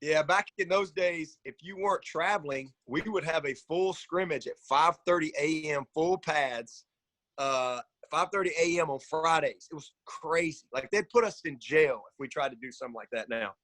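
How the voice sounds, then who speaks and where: A middle-aged man, a football coach guest telling stories in a casual podcast chat, animated and lively. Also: moderate pace, no room sound. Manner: animated storyteller, voices his own shouts high and loud.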